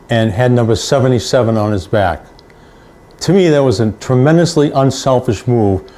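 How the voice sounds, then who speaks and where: A man's voice: mid-range voice, dark tone. An older male sports reporter recounting stories in an anecdotal way, repeating phrases for emphasis. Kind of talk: storytelling.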